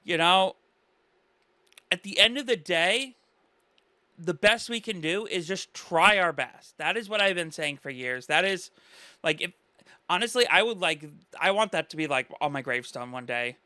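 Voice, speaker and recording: Reaction commentator, male, high and very bright voice, earnest and rambling, dry close sound. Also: expressive, normal speed, dry recording. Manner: earnest, rambling, full of "you know" and "like".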